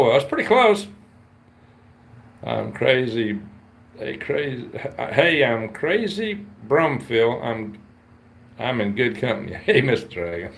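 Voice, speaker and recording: A man's voice: medium pitch, creaky, a little hiss or hum. A man, hosting a casual livestream chat in a rambling, folksy way. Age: 50s. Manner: rambling, folksy, greets viewers and reads chat aloud. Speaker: livestream host.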